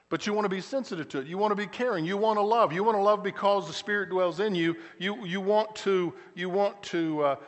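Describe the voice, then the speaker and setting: A middle-aged man, a pastor preaching a sermon, telling stories with frequent restarts and shifting between loud emphatic lines and quiet, slow asides. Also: fairly high pitch. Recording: church hall with long reverb.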